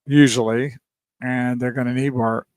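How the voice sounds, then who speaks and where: A man's voice: mid-range voice, level tone, measured pace, clean tone, no room sound, studio quality. A man co-hosting a car radio show, chiming in casually and laughing along with the host's stories. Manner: chatty, chimes in and laughs along.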